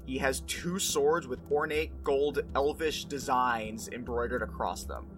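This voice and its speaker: A game master narrating a tabletop game in a measured, dramatic way with pauses. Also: medium pitch, over music.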